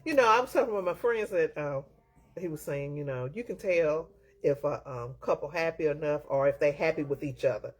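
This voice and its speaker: A woman, hosting a casual chat and telling animated stories with frequent laughter. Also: low-pitched, brisk. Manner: animated storytelling, laughs often. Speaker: host.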